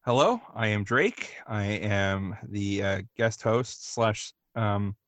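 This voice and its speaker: Dry-sounding young man, precise and deliberate. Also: fairly low pitch, lively intonation, fairly bright tone, dry recording. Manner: deliberate, detail-focused, a little dry. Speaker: podcast guest. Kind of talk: casual chat.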